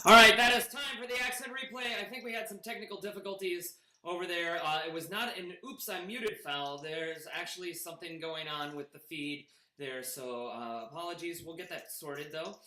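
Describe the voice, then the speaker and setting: A man's voice: a little high, steady tone, moderate pace, few pauses, sharp tone, echoey room. A man hosting a live improv comedy match, announcing scenes with rambling asides. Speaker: match host.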